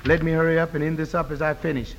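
A man preaching a sermon as pastor, with call-and-response rhythm, moving from low talk to loud high cries. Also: flat delivery, very fast, muffled recording. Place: church. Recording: long reverb of a church hall.

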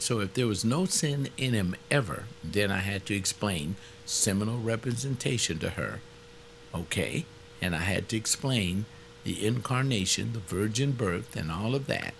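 A man's voice: on the low side, gravelly, fairly bright tone, a little hiss or hum. A man who leads Bible studies, speaking informally in a blunt, emphatic, rambling way. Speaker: Bible study teacher. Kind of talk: informal teaching talk.

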